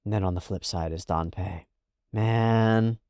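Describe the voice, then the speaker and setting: A man hosting a reaction video, talking casually and animatedly, swearing freely and swinging between loud outbursts and hushed asides. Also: low-pitched, steady tone, brisk, no room sound, studio quality.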